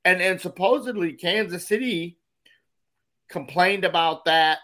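Bright-voiced opinionated man in sports chat. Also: sits high, measured pace. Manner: opinionated, animated storytelling with quoted voices. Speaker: co-host.

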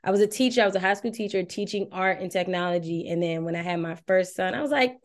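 A woman guest who owns a design agency, telling her story in a relaxed, casual way and laughing often. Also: lowish voice, fast talker. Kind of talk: casual interview chat.

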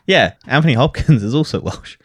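A British man co-hosting a podcast in casual chat, teasing and laughing often in quick bursts. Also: mid-range voice, expressive, slightly rough, no room sound, clean studio sound. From Britain. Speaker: podcast co-host.

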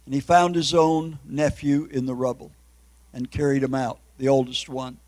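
A man's voice: mid-range voice, little pitch movement, moderate pace, darkish tone, rough recording. An older man, an evangelist preacher, giving an emotional testimony sermon and breaking into tears.

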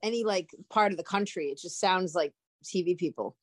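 A woman with a Rhode Island accent co-hosting a casual chat show, talking bluntly and telling lively stories. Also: on the low side, fairly quick. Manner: lively, blunt storyteller with frequent swearing. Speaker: co-host.

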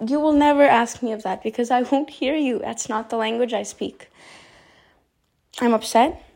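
Fairly high-pitched and a little mellow, this woman's voice carries an emotional voice memo. She's upset, speaks directly to whoever's listening, wanders through her thoughts, and keeps correcting herself in this personal confession.

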